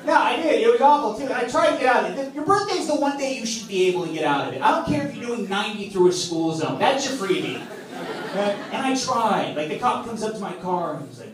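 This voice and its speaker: A man doing a stand-up comedy set on a club stage, telling stories in a punchy, exasperated way with sudden loud outbursts. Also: high voice, sing-song, fast talker, crowd noise, background noise. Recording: echoey club room from a distance. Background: audience laughter and club ambience.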